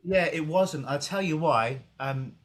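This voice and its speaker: A man's voice: a little high, measured pace. Joking Englishman with an English accent. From England. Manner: vivid, joking storyteller, swears casually. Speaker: clinical hypnotist guest. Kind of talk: casual interview talk. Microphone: video call.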